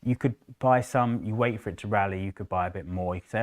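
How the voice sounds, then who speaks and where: Co-hosting a live market show, this man speaks quickly in a fairly low voice. His manner is chatty and animated as he voices what investors say inside their heads.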